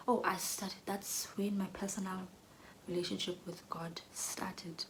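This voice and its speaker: Young woman, earnest storytelling, gravelly edge, faint hiss behind. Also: fairly low pitch, little pitch movement, measured pace, low-quality recording. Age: young adult. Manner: earnest, drops to soft whispers when emotional. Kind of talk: personal storytelling vlog.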